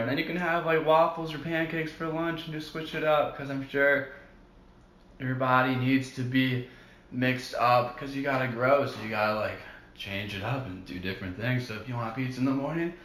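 Young guy, co-host, casual and goofy, slangy surfer talk, middle pitch, echoey room. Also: fairly bright tone. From New Jersey. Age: young adult. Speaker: podcast co-host. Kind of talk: casual chat.

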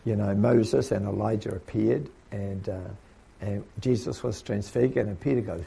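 A man's voice: fairly low pitch, moderate pace, gravelly, dark tone, a little hiss or hum. A man preaching a sermon in a conversational way, repeating himself and acting out little quotes.

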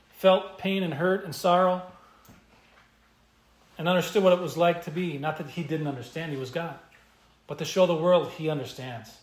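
A man's voice: a little high, roomy sound. A male pastor preaching an expository sermon, emphatic and repeating key phrases for stress. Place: church.

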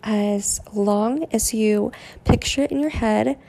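A young woman hosting a podcast, giving a casual motivational monologue in a deadpan, monotone way. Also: a little high, takes it slowly, gravelly. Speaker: podcast host.

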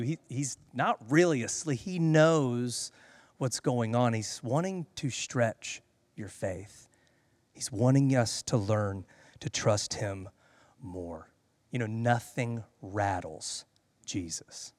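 A male pastor preaching a sermon, swinging between loud, pleading questions and hushed, steady reassurance. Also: mid-range voice, unhurried, long reverb tail.

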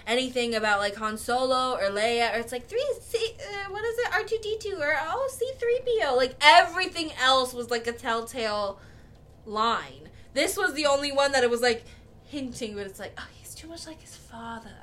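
A woman's voice: sits high, expressive, moderate pace, fairly bright tone. A young woman co-hosting a casual podcast, rambling with lots of fillers and giggles. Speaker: podcast co-host. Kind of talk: casual chat.

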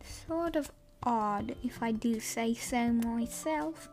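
A woman's voice: on the high side, takes it slowly, a little mellow, faint music behind. A woman hosting a casual podcast, rambling and hesitant, often correcting herself, with wry, self-deprecating humor. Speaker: podcast host. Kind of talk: casual unscripted podcast update.

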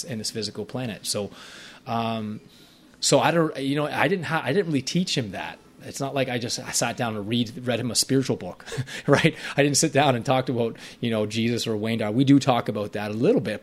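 A man hosting a podcast as a life coach, talking in an earnest, heartfelt, spiritual way that rambles at times. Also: medium pitch. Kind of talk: casual podcast talk.

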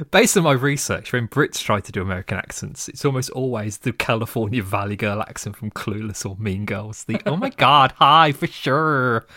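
A man's voice: fairly low pitch, a bit bright, dry recording. Sarcastic man on a dry mic. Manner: sarcastic, laughs often, reads listener emails. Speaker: podcast co-host. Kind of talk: casual chat.

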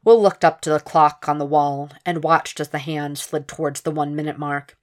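Low-voiced woman narrator, steady measured fan fiction reading. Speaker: podfic reader.

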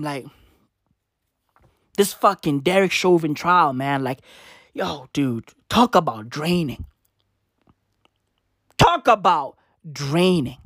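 A woman giving excitable, profane reaction commentary, repeating slang fillers. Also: lowish voice, no room sound, studio quality.

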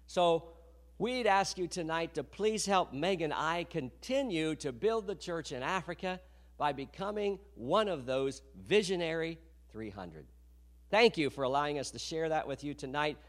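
A middle-aged male missionary preacher appeals to a congregation for support. His voice sits fairly high for a man and swoops widely in pitch as he throws rhetorical questions to the room. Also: expressive, normal speed. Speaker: missionary pastor. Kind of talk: fundraising appeal in church. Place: church sanctuary.

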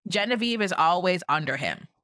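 Woman co-host, young adult, wry and incredulous, lively rise and fall, bright edge. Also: on the low side, a little fast, dry recording, clean studio sound. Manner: wry, incredulous commentary with quoted asides. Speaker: podcast co-host. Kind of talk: casual recap chat.

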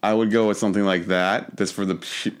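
A man's voice: on the low side, level tone, fast, smooth. Laid-back young man rambling on a podcast. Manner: rambling, restarts often, laughs easily. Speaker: podcast co-host. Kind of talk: casual chat.

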